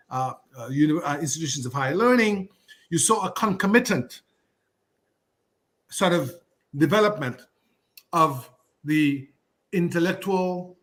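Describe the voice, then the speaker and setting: A man, a guest on a radio talk show who reminisces in a scholarly, digressive and measured way. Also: fairly high pitch. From Dominica. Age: 60s.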